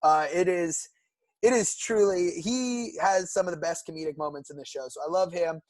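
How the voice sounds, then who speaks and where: A young man with a fairly high voice, recorded dry and close. He chats casually as a podcast co-host, eagerly walking through episodes and favorite characters at length. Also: normal speed, no echo. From California. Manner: enthusiastic, recounts plots at length. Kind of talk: casual chat.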